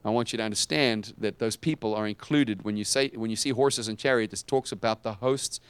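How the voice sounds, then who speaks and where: Man preaching, dramatic swings from soft asides to shouts, smooth clear voice, dry sound. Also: fairly low pitch, a little fast, no echo. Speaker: pastor. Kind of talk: sermon.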